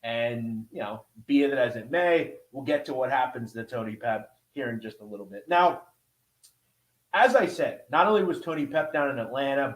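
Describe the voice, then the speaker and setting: A man hosting a podcast, telling history in a casual, conversational way, swearing now and then and checking in with listeners as he goes. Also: medium pitch. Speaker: podcast host. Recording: roomy echo.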